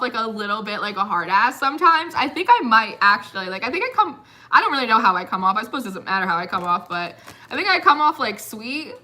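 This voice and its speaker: Bright-voiced chatty young woman tarot reader. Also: mid-range voice. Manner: chatty, giggly, uses lots of fillers. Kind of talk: casual tarot reading chat.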